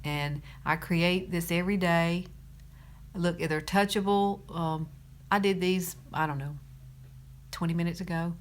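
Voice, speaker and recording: A woman's voice: lowish voice, steady tone, a little slow. A woman in her fifties from Alabama with a Southern accent, chatting through a makeup tutorial, laughing often and saying y'all. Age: 50s.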